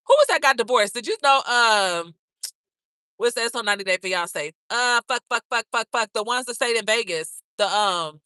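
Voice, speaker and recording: A woman's voice: on the high side, pushed and bright, no echo. A woman hosting a live stream, chatting casually with viewers in a brash, profane, gossipy way and calling them girl, baby and honey.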